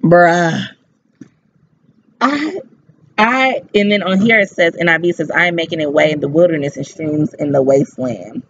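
A woman giving a casual devotional talk as a faith vlogger. She talks in an excited, fast and lively way. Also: low voice. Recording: slightly dull with faint hiss.

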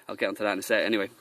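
A young man from Jersey with a slightly low voice vents in a rambling vlog rant. He sounds fed up and keeps drifting into mimicking others as he piles on complaints. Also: pushed and bright, no room sound. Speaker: vlogger. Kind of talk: ranting review vlog.

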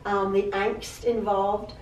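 A woman's voice: mid-range voice, little pitch movement, takes it slowly, darkish tone. Chatty, stammering middle-aged woman, echoey room. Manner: chatty, repeats herself, stammers and restarts. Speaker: quilting channel host. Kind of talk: rambling personal chat. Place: home sewing room. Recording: echoey room, mic at a distance.

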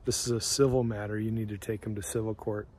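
A man's voice: lowish voice, little pitch movement, quick pace, darkish tone, a little hiss or hum, natural voice. A man voicing a polite police officer. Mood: apologetic. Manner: polite, firm, apologetic. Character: apologetic male police officer.

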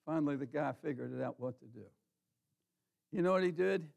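A pastor with a slightly high, a little mellow, creaky voice preaches a little fast in a church sanctuary. He's folksy and colloquial, says "ain't," asks the congregation questions, and calls on members by name.

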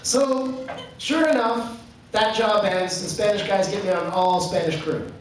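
Stand-up comic, Canadian man, high voice, deadpan storyteller; live club sound, very echoey. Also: measured pace. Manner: deadpan storytelling with acted quotes. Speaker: stand-up comedian. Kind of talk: stand-up comedy set. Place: comedy club stage. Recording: echoey club, distant mic, audience noise. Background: audience laughter.

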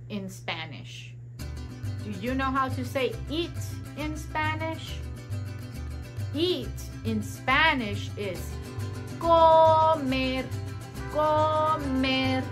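A woman teaching toddlers simple words in a slow, sing-song way, repeating each word and asking little questions. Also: high-pitched, lively intonation. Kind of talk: toddler language lesson. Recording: music playing under voice.

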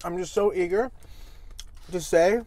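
A food vlogger with a lowish, slightly mellow voice eats on camera and talks a little slowly. She chats casually with her mouth full while she chews, tossing playful, teasing asides to her viewers.

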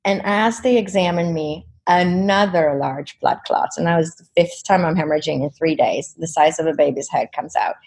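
Woman, low-pitched, interview guest, vivid earnest retelling, frequent "you know". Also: moderate pace, few pauses, darkish tone. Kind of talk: personal storytelling.

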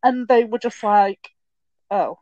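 A young woman telling stories in a casual podcast chat, with quick asides and restarts. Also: on the high side, mellow, dull audio. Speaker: podcast guest.

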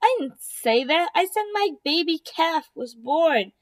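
A woman voicing a proud new mother cow in a read-aloud storybook, gentle and delighted. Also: very high voice, lively intonation, a little slow, voice pushed up.

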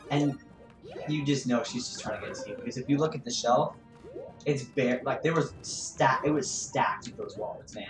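A gaming streamer with a medium-pitched voice and moderate pace rambles through a story about a store. His casual talk is packed with fillers and "man." The room echoes, and game music plays behind him.

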